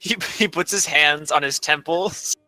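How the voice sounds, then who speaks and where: A man's voice: on the high side, measured pace, loud music behind the voice, poor audio. A man narrating as game master of a tabletop game, laughing often as he narrates.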